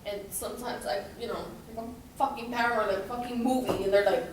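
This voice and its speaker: A young woman in her twenties, a student, speaking bluntly and haltingly to her class and swearing. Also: on the high side, fairly even intonation, slight background noise. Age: 20s. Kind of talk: candid classroom sharing. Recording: echoey classroom, distant mic.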